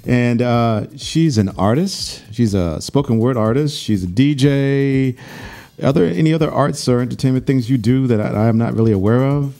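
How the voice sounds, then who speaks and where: A man hosting a radio interview in a studio, chatty and relaxed, restarting his questions as he goes. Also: mid-range voice, normal speed. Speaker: radio show host. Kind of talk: casual interview.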